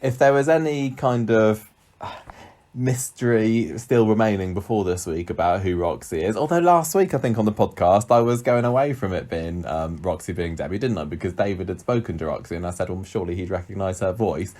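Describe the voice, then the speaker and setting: A man with a very low, deep voice co-hosts a casual chat podcast. He talks playfully, teasing his co-host and laughing often. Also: expressive, fairly quick, a little mellow.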